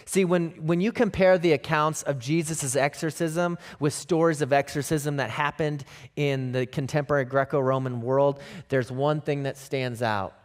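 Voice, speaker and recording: A male pastor preaching a sermon emphatically, with rhetorical questions and repeated phrases. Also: medium pitch.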